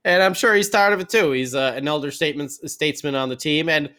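A man co-hosting a casual hockey podcast, talking through player stats in a measured way. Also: a little high, bright, forceful tone. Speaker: podcast co-host. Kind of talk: casual hockey fan chat.

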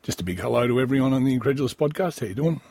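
A wheezy man hosts a comedy podcast, riffing crudely and sardonically on a news item, with coughs breaking in. His husky voice swings up and down in pitch. The recording is dry and close. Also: lively intonation, rapid-fire, darkish tone, no room sound. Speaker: podcast host. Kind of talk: profane comic riffing on a news story.

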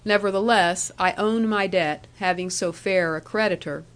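A sly old counsellor who chuckles and teases his guest, booming out his lines with hearty force, as a woman reads him in a storybook. he is a jovial old outlaw, amused by everything. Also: normal speed, lightly acted. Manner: chuckling, teasing.

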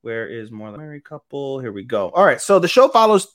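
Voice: mid-range voice, sing-song, quick pace, fairly bright tone. Profane, rambling podcast storyteller. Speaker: podcast co-host. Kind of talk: casual chat recapping an anime.

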